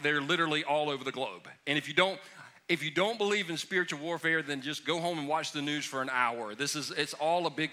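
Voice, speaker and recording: A male pastor preaches a question-and-answer sermon in a bright, forceful voice pitched a bit high. He talks casually, drops jokes, and leans on emphatic repetition. The sound is of a church room with some distance from the mic. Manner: conversational, joking, emphatic preaching. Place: church sanctuary.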